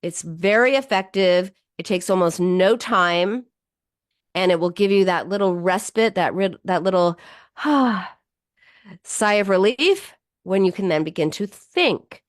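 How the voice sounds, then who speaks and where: A woman hosting an advice radio show, answering listener questions in an animated, chatty way with fillers and restarts. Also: fairly low pitch, a little slow, no room sound, clean studio sound. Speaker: radio show host and psychologist.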